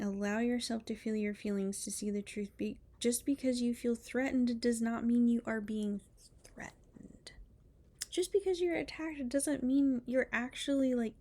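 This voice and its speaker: A fairly high-voiced woman talks through a spiritual reading in a loose, conversational monologue. She is blunt and emphatic, repeating phrases for weight and swearing freely. At times she lowers her voice to a hushed whisper. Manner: sometimes drops to a hushed whisper. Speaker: spiritual reader.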